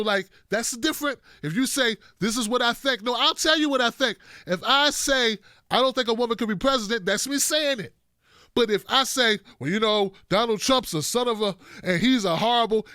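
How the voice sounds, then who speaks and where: A man's voice: high-pitched, bright, forceful tone, no room sound, clean studio sound. A man giving blunt, profane political commentary, speaking straight to his viewers with heavy emphasis.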